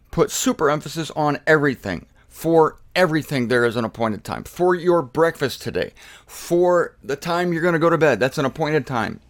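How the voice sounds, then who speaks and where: A man giving casual, playful commentary on a Bible verse, repeating words for emphasis. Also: on the high side. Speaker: Bible teacher. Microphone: camera in a laundry room.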